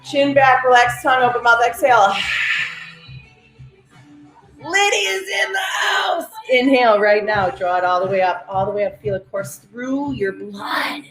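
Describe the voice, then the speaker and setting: Woman, breathwork coach, energetic, encouraging, echoey room, faint music underneath. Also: mid-range voice, moderate pace, hardly any pauses. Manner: energetic, encouraging, calls out viewers by name. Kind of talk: live-streamed guided breathing and affirmations. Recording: roomy echo with faint music.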